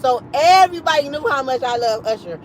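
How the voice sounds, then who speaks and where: Woman livestream host, high voice, casual profane storytelling, acts out quotes. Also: lively intonation, brisk, a little hiss or hum, low-quality recording.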